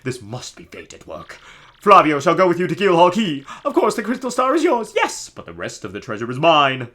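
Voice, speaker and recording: A man's voice: fairly high pitch, huge pitch swings, brisk, pushed and bright, voice pushed up, exaggerated voice. A man reading game dialogue aloud as a vain, grandiose rich male merchant with theatrical, boastful speech. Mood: pompous.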